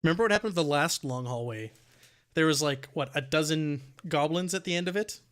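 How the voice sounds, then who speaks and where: A man running a tabletop game as dungeon master, describing scenes in a halting way with many fillers. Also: fairly high pitch, a bit bright. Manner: halting, restarting narration with fillers.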